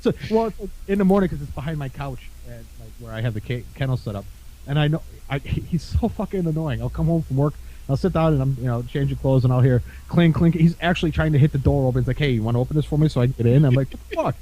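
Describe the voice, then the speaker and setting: A man's voice: mid-range voice, quick pace, dark tone, poor audio. A man co-hosting a podcast in casual chat, swearing freely, laughing often and acting out his dog's antics as he tells stories. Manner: profane, laughing storyteller who acts out his dog. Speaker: podcast co-host.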